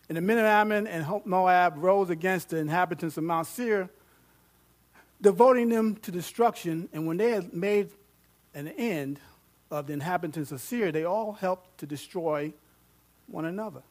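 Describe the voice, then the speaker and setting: A man preaching a sermon, reading scripture aloud with growing excitement, joking with and questioning his congregation. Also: high-pitched, moderate pace. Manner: animated, rising to loud fervent reading; jokes with the congregation and asks them questions.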